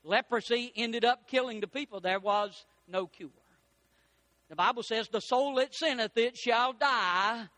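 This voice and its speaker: A man preaching a folksy sermon, rising to loud peaks and slowing down for emphasis. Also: extremely high pitch, no room sound. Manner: folksy preaching with dramatic rises and slowed emphasis. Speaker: pastor.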